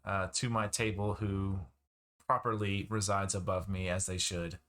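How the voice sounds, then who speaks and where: A man with a lowish voice runs a tabletop game as its game master. His narration is relaxed and wry, with casual fillers. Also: measured pace, slight background noise.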